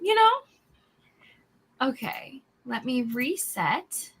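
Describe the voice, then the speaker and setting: Bright, chatty woman hosting a stream. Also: high-pitched, sing-song, extremely slow, husky. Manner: chatty and upbeat. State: losing her voice. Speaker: livestream host. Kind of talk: casual chat, reading comments aloud.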